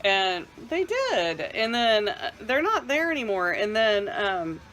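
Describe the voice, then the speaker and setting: A woman's voice: medium pitch, big pitch swings, takes it slowly, a bit bright, poor audio. A middle-aged woman co-hosting a casual wine show, chatting emphatically and urging viewers on. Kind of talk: casual chat.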